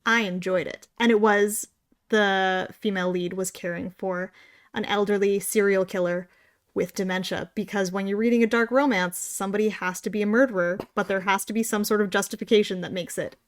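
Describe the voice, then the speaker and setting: A woman's voice: mid-range voice, fairly even intonation, a little fast. Chatty Canadian woman co-hosting a podcast. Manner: chatty, tangents, sarcastic asides. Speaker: podcast co-host. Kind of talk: casual chat.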